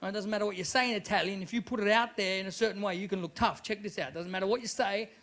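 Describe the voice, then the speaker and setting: A man doing an animated live stand-up routine, sometimes shouting in character. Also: high-pitched, fast talker. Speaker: stand-up comedian.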